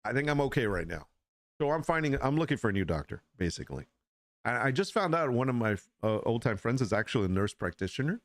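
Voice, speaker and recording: His voice is mid-range, sing-song and fast, recorded with no echo. This middle-aged podcast host chats on his own, rambling, opinionated and blunt, frequently doubling back on words to restart his sentences.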